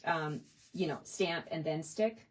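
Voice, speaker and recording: A woman's voice: deep voice, measured pace, breathy edge. A woman giving a chatty, enthusiastic card-making tutorial, talking her viewers through each step. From Canada. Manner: chatty and enthusiastic, addressing viewers as you guys. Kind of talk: crafting tutorial.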